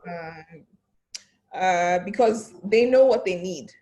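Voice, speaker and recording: A woman speaking on a casual panel, wry and relaxed, teasing with quick mock voices. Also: lowish voice.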